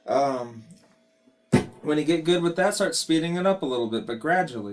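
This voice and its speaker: A man giving a casual guitar lesson, explaining strumming in a relaxed way and counting beats aloud. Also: mid-range voice, moderate pace. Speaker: guitar teacher. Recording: guitar playing behind the voice.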